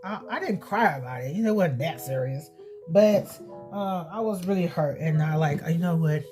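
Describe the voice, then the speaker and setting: Low-voiced woman, blunt vlog chat. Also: moderate pace, darkish tone, soft background music. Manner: blunt, swears freely, repeats herself. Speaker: beauty and family vlogger.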